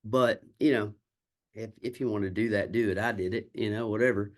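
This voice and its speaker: A man's voice: on the low side, fairly even intonation, brisk. Salty man telling stories. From Kentucky. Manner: candid, salty storyteller who acts out quoted exchanges. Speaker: country singer and songwriter guest. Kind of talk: casual storytelling interview.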